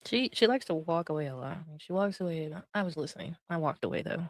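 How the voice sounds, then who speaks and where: A woman's voice: sits low, animated, fast talker, no echo, clean studio sound. A woman streamer giving casual commentary on a clip, chatty and laughing often, with many fillers. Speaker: streamer reacting to clips.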